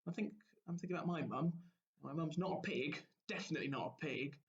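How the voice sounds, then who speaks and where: A man, a primary school teacher giving a recorded lesson, explaining gently and asking the children questions. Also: a little high, quick pace, dull audio.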